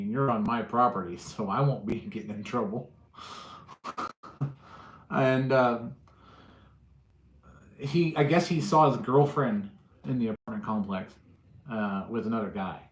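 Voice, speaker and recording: A man's voice: mid-range voice, echoey room. A man hosting a casual livestream, telling stories and acting out what people said. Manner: animated storyteller, acts out quotes. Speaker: livestream host.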